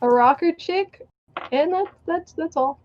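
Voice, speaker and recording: High-voiced giggly woman from Canada. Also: a little slow, highs cut off, slight background noise. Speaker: player, cosplayer. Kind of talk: casual self-introduction.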